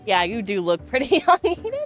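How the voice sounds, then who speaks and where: A young woman in her twenties streams from home, her pitch bouncing up and down as she chats. She talks casually and swears when something goes wrong. Soft music plays underneath. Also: sing-song, a little fast. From Washington state, USA. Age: 20s. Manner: chatty, swears when flustered. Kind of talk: casual livestream chat while gaming.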